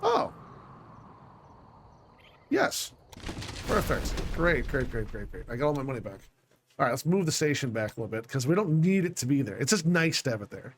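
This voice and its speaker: A man's voice: mid-range voice, animated, fast, a little hiss or hum. Man muttering through gameplay, frustrated. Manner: thinks aloud, self-directed and frustrated, with mild swearing. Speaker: let's play gamer. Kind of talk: casual gameplay commentary.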